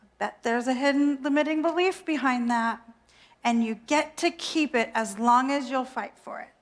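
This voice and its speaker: A woman's voice: high-pitched, normal speed. A woman minister preaching a sermon in a playful, self-mocking, theatrical way.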